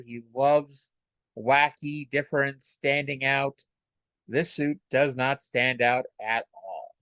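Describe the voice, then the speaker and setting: A man's voice: mid-range voice, slow, pushed and bright, dry recording, highs cut off. A man hosting a casual podcast who recaps old wrestling shows in a rambling, wry way with many fillers.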